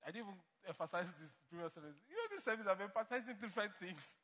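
High, bright emphatic preacher. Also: male voice, big pitch swings, very fast, big-room sound. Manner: emphatic preaching, mock dialogue. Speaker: pastor. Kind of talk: sermon. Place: church.

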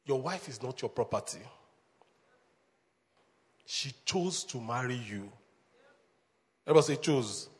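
A man preaching as a pastor, animated, laughing often and calling the congregation to answer back. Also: medium pitch, a little slow, long pauses, slightly rough. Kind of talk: sermon. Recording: long hall reverb.

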